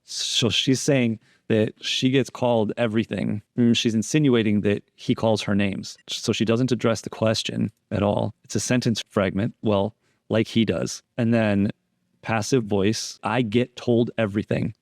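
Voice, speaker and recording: Methodical man with a low voice. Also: steady tone, measured pace, gravelly, no echo, clean studio sound. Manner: methodical, repeats key phrases for emphasis. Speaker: deception analysis instructor. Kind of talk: explanatory lecture over interrogation footage.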